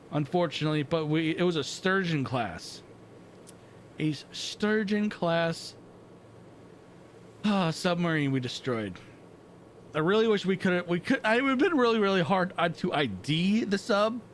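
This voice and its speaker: A man's voice: a little high, slight background noise. A man hosting a gaming channel, giving casual commentary and reacting aloud as he plays a naval combat game. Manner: excitable, reacting aloud while playing.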